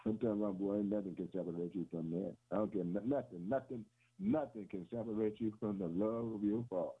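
A man's voice: lowish voice, animated, brisk, slightly rough. A man preaching a sermon on the radio in a rhythmic, repetitive way, often calling his listeners "boy" and "man" and chuckling between phrases. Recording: tinny phone-like radio broadcast.

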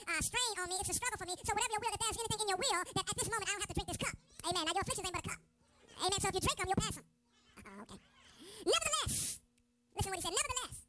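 A woman preaching a sermon in a church, moving from prayer to fervent call-and-response preaching. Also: very high-pitched. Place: church sanctuary. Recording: loud music behind the voice.

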